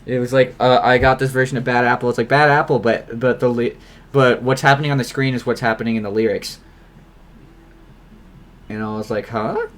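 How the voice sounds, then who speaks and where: A young man playing a game with a friend, chatting casually, swearing often, and reading story passages aloud in a hushed voice. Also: medium pitch, steady tone, brisk. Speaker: game player. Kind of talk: casual let's-play chat with reading aloud.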